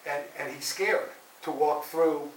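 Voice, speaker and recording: A male minister giving a sermon, telling stories in an animated way, rising loud for drama and dropping soft for quiet lines. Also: on the high side, measured pace. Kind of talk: sermon storytelling. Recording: roomy echo, heard from a distance, faint hiss.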